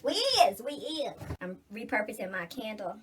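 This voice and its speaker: A woman's voice: on the high side, sing-song, moderate pace, fairly bright tone, a little hiss or hum. A middle-aged woman in casual get-ready-with-me chat, blunt, preachy and full of cursing. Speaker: vlogger.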